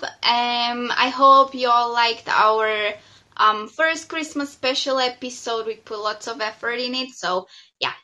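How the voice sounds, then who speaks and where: Bright-voiced woman co-hosting a podcast. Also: sits high, poor audio. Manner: warm, chatty, with many fillers. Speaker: podcast co-host. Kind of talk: casual chat.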